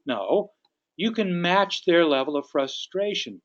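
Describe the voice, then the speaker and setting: A man's voice: fairly high pitch, animated, moderate pace, fairly bright tone, highs cut off. A man who leads a sales training session. He explains his points in an instructive way and acts out sample phone calls. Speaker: real estate sales trainer. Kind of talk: training talk.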